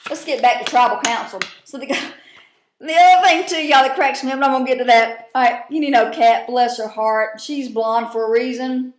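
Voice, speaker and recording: A woman with a high-pitched voice recaps a TV show at a moderate pace for her casual vlog. She's blunt and profane, rambling with plenty of fillers, and the room gives off an echo.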